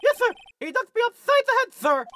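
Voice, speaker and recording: A woman puts on a frantic young police officer in a video game, yelling every answer at full force. He snaps out each line far above her own pitch and caps it with a loud "sir." The voice is strained and keyed-up. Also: sing-song, brisk, slight background noise, heavily acted. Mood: eager shouting. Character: overeager young male police officer, shouting.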